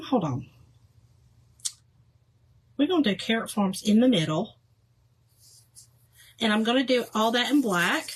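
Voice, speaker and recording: A woman chatting with live viewers while she works on a craft project, animated and quick to laugh, with soft near-whispered asides. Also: on the high side. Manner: chatty and animated, laughs often, calls viewers "y'all" and "girl". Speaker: livestream host doing a craft project.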